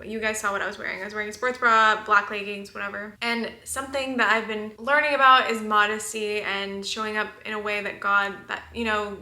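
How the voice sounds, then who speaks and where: A woman's voice: a little high, bright, forceful tone. A woman in her twenties talking to her viewers in a casual, heartfelt vlog, full of "like"s. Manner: chatty, heartfelt, many "like"s. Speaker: vlogger. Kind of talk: casual chat to camera. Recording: echoey room.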